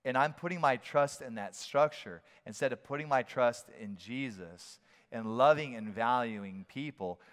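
A man preaching a sermon as a pastor, animated and playful, now and then acting out shouted voices. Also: medium pitch. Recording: long hall reverb.

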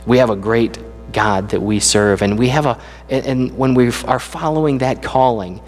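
A man's voice: normal speed, soft background music. Earnest male pastor preaching in a reverberant church. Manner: earnest, conversational preaching that rises in pitch on praise. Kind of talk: sermon. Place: church sanctuary. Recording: long church hall reverb.

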